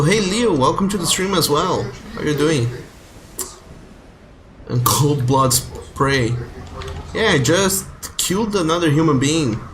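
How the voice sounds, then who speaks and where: A man streaming a video game live, swearing at the game and chatting with viewers in an excitable way. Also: medium pitch, a little hiss or hum. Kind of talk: live gameplay commentary.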